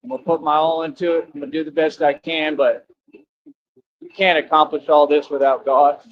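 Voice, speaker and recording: A man's voice: a little high, flat delivery, moderate pace. A tired man livestreaming in casual chat, boastful and streetwise, laughing often. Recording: dull lo-fi stream audio.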